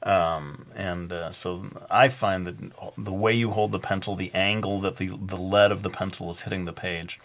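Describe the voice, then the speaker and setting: A man's voice: sits low, fairly even intonation, normal speed, few pauses. A man teaching a drawing lesson in a casual, hesitant way, with many fillers and joking asides. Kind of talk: casual drawing tutorial narration.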